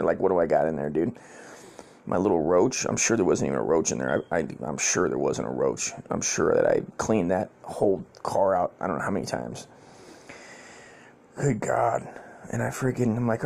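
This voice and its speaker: A man's voice: lowish voice, sing-song, normal speed, creaky, darkish tone. A man hosting a podcast and telling a personal story in a casual, profane, rambling way, repeating himself and laughing often. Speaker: podcast host.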